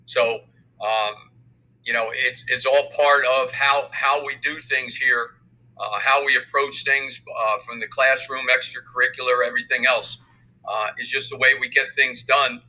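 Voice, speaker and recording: An older man speaks as a football coach in an interview. His voice has a sharp, bright edge at a middle pitch, and he talks in a measured, thoughtful way. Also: level tone, rough recording. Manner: measured, thoughtful, many fillers. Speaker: high school football coach. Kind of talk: interview conversation.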